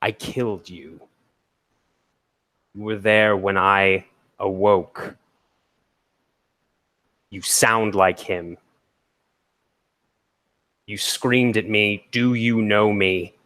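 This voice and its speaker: A man voicing a grave, confused armored construct who speaks in slow, halting phrases. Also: fairly low pitch, fairly even intonation, fairly bright tone. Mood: stricken.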